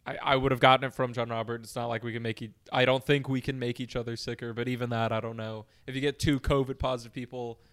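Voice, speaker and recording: A man's voice: medium pitch, flat delivery, fast, few pauses, fairly bright tone. A congested man, co-hosting a casual podcast and rambling anxiously. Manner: rambling, anxious, self-deprecating. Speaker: podcast co-host. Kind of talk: casual chat. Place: room at home.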